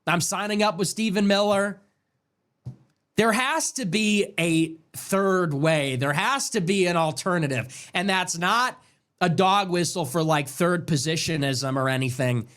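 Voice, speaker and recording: A man with a high voice hosts a talk show and rants in a heated, sarcastic monologue. He swears freely, and his pitch leaps up sharply whenever he gets agitated. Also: lively intonation, measured pace, a bit bright. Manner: ranting, profane and sarcastic. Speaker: political talk show host. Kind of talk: heated political commentary monologue.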